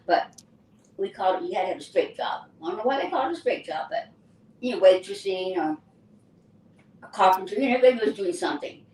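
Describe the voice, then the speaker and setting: Older woman, actress telling stories, lively anecdotal delivery, roomy distant mic, faint room hum. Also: mid-range voice, quick pace, long pauses. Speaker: actress and guest. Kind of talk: casual interview storytelling.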